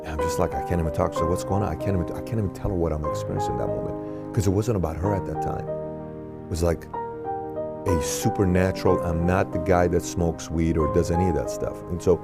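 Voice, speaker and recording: A deep-voiced man with a gravelly edge recounts a personal testimony in an interview. He talks in an earnest, searching way, full of questions and casual asides. Music plays behind him. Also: fairly even intonation, fairly quick. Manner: conversational, with frequent "like" and "okay?". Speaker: army veteran guest.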